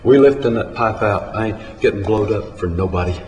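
A man's voice: fairly low pitch, a little fast, a little mellow, slight background noise, natural voice. A man voicing a blunt, wary male oil-rig crew boss giving a short order. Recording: roomy hall with faint ambience.

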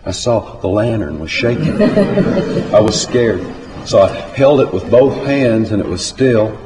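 Slow-telling man in an echoing hall. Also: fairly low pitch, heavy background noise. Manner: slow, measured telling that climbs to loud urgency. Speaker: storyteller. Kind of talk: live spoken storytelling. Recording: echoey hall with faint ambience.

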